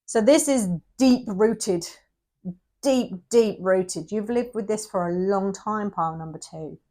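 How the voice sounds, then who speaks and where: A woman's voice: medium pitch, takes it slowly, warm tone. Tearful woman reading tarot. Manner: emotional, addresses viewer directly, often drops to a whisper. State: close to tears. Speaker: tarot reader.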